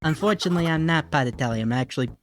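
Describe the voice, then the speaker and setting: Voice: mid-range voice, animated, racing, faint music behind. A streamer playing a life-sim game in casual live-stream chat, who jokes, swears freely, laughs at their own slips and sometimes drops into a put-on mobster accent.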